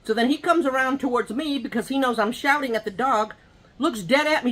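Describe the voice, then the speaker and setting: A woman with a high, brisk, fairly bright voice chats to her viewers while eating at home. She's a mukbang vlogger, addressing the camera directly as she tells rambling, gossipy stories packed with asides.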